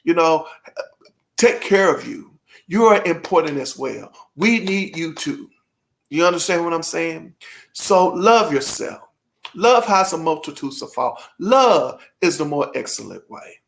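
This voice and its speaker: Gushing, gravelly-voiced man vlogging. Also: fairly high pitch, unhurried. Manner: gushing, emotional and excitable; folksy, addresses viewers directly. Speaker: channel host. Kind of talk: casual vlog chat to viewers.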